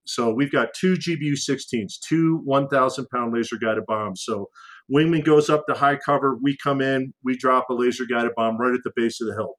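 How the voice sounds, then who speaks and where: Animated man telling a war story. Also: medium pitch, normal speed, low-quality recording. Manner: animated, acts out radio calls in raised voice; frequent fillers and restarts, conversational. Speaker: former fighter pilot guest. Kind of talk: casual storytelling in conversation.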